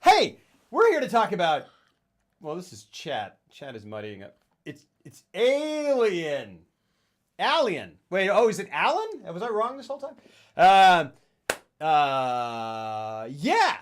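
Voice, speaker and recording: A man's voice: on the high side, huge pitch swings, measured pace. Guy hosting a live stream, jokey and rambly, voice jumps all over. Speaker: streamer host. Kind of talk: casual chat over gameplay.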